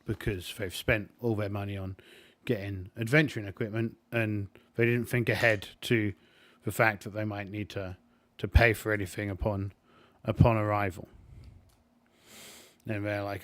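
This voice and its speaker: A man's voice: on the low side, level tone, moderate pace. A man playing a tabletop game alone, thinking aloud in a rambling way full of fillers. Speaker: solo tabletop game player. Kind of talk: casual solo game narration.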